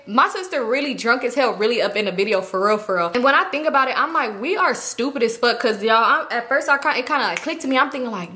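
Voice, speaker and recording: A woman's voice: on the high side, quick pace. A young woman telling a storytime to her channel in a casual, slangy monologue, swearing freely and acting out what she said. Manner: animated, slangy, swears freely, acts out her own lines.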